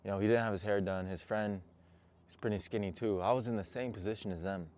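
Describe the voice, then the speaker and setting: A man's voice: on the low side, fairly even intonation, quick pace, darkish tone. A young man, a motivational coach, talking earnestly and intensely straight to his viewers. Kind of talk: personal motivational talk to camera.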